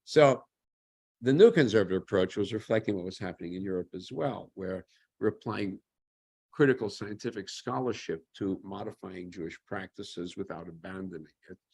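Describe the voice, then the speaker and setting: Male lecturer with a husky voice. He asks himself questions, answers them with dry humor and keeps it conversational. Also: sits low, moderate pace, darkish tone. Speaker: lecturer on Jewish history. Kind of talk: informal history lecture.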